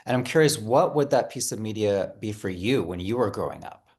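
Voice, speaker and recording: A man interviewing an actor, asking measured, friendly questions. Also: fairly low pitch, lively intonation, darkish tone.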